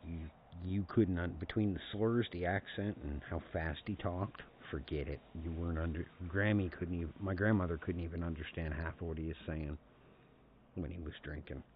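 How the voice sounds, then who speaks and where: A man's voice: sits low, fairly even intonation, moderate pace. A man from Canada telling rambling family stories on a casual game stream, chuckling often. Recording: tinny phone-like sound, faint noise.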